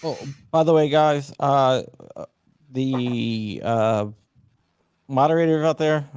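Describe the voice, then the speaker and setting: A mid-pitched man hosting a live stream, reading viewer chat aloud and joking about it. His voice is close and dry, with no room sound at all. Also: slow, a little mellow, smooth, dry recording. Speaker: host.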